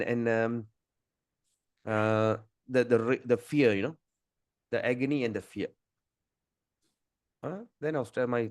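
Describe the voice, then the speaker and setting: A middle-aged man leads a scripture class over a video call. His voice sits at an ordinary pitch and sounds dry and close. He tells stories at length, repeating words and restarting phrases. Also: darkish tone, no echo. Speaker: spiritual teacher.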